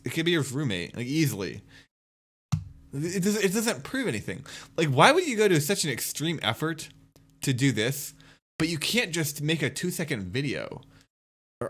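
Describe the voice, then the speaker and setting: A young man rants at a critic in a bright, edgy voice that sits a little higher than most men's. He sounds exasperated, swears freely, and keeps repeating his rebuttals in casual commentary. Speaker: streamer responding to a critic.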